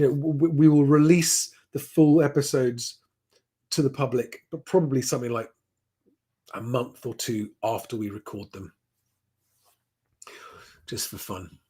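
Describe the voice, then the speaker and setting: A man's voice: fairly high pitch, fairly even intonation, moderate pace, pauses often, darkish tone, slightly rough. A man hosting a casual live stream at home, rambling and chatty as he answers viewer comments, often restarting his sentences. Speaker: livestream host reading viewer comments.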